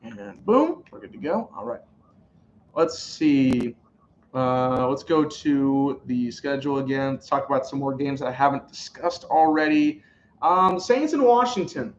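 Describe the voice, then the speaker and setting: A man hosting a casual live stream, reacting to a football game and calling plays in an excitable, rambling way. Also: echoey room, highs cut off, a little hiss or hum. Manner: excitable, rambling, pitch jumps on big plays. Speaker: sports live-stream host.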